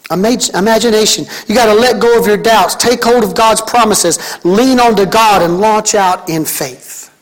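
A pastor from Mississippi preaching a sermon, with emphatic, rhythmic repetition and spoken prayers. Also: male voice, sits high, moderate pace, low-quality recording.

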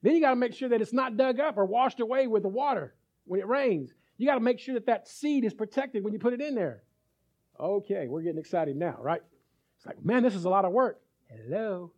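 High-voiced animated preacher man, lo-fi. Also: a little fast. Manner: animated, acts out little dialogues, asks the crowd. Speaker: pastor. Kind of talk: sermon.

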